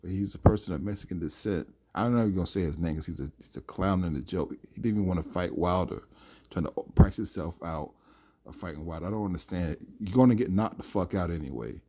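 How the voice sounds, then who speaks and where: A man's voice: sits low, fast, dark tone, husky. A man giving his opinion in a solo boxing commentary vlog, emphatic and rambling with fillers.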